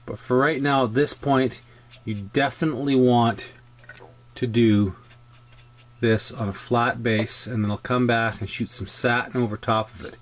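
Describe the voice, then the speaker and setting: A man's voice: mid-range voice, fairly even intonation, unhurried. A man with a Canadian accent talking casually through a scale-model weathering tutorial, rambling and restarting his sentences. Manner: rambling, chatty, frequent restarts and ums.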